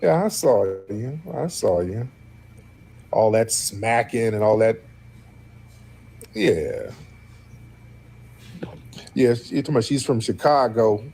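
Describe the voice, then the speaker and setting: Husky-voiced guy running a call-in, blunt, teasing callers. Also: mid-range voice, animated, slow, pauses often, dark tone. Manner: blunt, mocking, questioning callers. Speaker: show host. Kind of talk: live call-in show.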